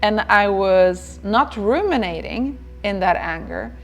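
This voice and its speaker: A woman's voice: mid-range voice, lively intonation, slow pace, soft background music. A woman giving a reflective motivational talk on self-care, who repeats phrases and checks in with "right?".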